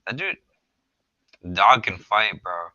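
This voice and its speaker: A man's voice: lowish voice, big pitch swings, slow, sharp tone, no echo, dull audio. A man in casual podcast chat, slangy and swearing, laughing often.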